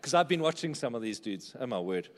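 A man's voice: medium pitch, big pitch swings, fairly quick, in a large hall. A man preaching a sermon in church, conversational and often checking in with the congregation. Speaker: pastor.

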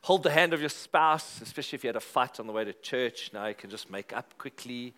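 A man's voice: medium pitch, expressive, fairly quick, a bit bright. A man with a South African accent, a pastor joking with his congregation in a casual, conversational way before leading them in earnest prayer. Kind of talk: sermon opening and prayer to a live congregation. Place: church service.

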